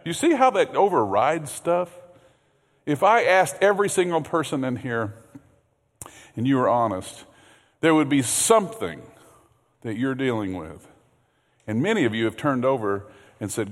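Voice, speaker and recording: A man preaching a sermon as pastor, earnest, repeating words, swinging from loud emphasis to hushed low passages. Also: expressive, moderate pace, long pauses. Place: church sanctuary. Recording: long hall reverb.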